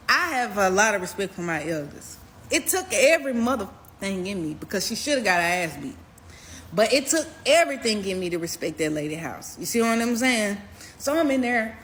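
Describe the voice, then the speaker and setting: A young woman telling a personal story in a casual storytime video, animated and profane, swinging between loud outbursts and low mutters. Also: slight background noise. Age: young adult.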